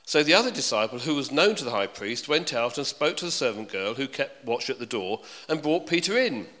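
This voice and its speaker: A man's voice: medium pitch, sing-song, brisk, a bit bright. A man preaching a sermon in a chatty way, often asking his congregation questions. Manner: conversational, asks the congregation questions. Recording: reverberant hall.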